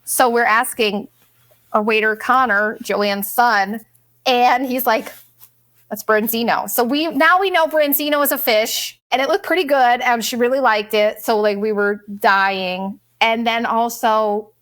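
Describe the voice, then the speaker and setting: Middle-aged woman vlogger, chatty and blunt with frequent swearing, slightly high voice, dry recording. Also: measured pace, fairly bright tone, dry recording. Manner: candid, profane, chatty, quotes people in put-on voices. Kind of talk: casual storytelling monologue.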